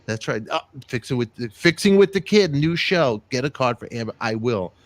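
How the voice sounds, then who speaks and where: Man, middle-aged, talk show host, animated, rambling, mid-pitched voice. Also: normal speed. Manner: animated, rambling storyteller who jokes with viewers. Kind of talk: casual livestream chat.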